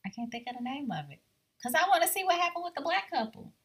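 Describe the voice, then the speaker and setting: A woman's voice: high-pitched, sing-song, quick pace, fairly bright tone. A married woman co-hosting a podcast, chatting casually in an easygoing, agreeable way. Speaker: podcast co-host. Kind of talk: casual chat.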